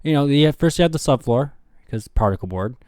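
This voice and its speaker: A man's voice: mid-range voice, animated, brisk, a little mellow, dry recording, studio quality. A man hosting a casual talk, telling anecdotes and acting out both sides of the conversations. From Canada. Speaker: podcast host, realtor. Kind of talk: casual chat. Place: house under renovation.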